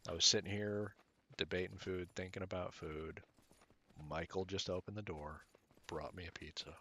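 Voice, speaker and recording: A man streaming a game, chatting casually and rambling as he thinks out loud. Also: low voice, fairly even intonation, normal speed, a little hiss or hum. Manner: mutters at the game.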